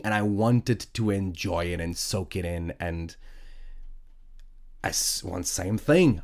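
A man's voice: on the low side, a little mellow. Stuffy-nosed man chatting on his podcast. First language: Portuguese. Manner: rambling, self-correcting, chatty with frequent fillers. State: stuffy nose from sinusitis. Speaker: podcast host. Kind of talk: casual solo podcast chat. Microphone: studio podcast microphone.

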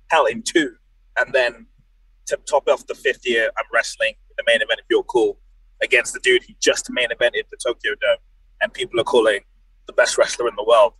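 Animated man with a dry sound. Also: mid-range voice, slightly rough, no echo, poor audio. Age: late 20s. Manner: animated, jokey storyteller. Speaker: professional wrestler, guest. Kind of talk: casual podcast chat.

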